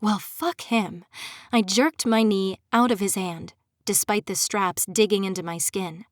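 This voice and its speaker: A woman's voice: medium pitch, unhurried, no echo, studio quality. A young adult woman narrating a first-person audiobook, emotive and turning pleading and desperate in her character's lines.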